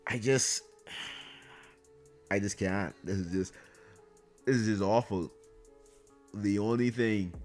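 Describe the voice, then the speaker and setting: A man giving an exasperated, sarcastic ranting review of a video game series. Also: lowish voice.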